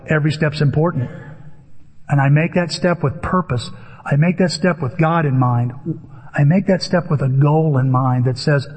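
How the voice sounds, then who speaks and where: An older man preaching a sermon as pastor, telling stories in an animated way and acting out the voices of people in them. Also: fairly high pitch, husky, in a large hall. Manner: animated storytelling with acted-out voices.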